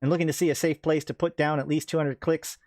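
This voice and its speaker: A man's voice: a little high, steady tone, fast, a little mellow, dry recording, clean studio sound, voice pushed up, natural voice. A man voicing a male dropship captain in a crisis, making urgent, clipped radio calls.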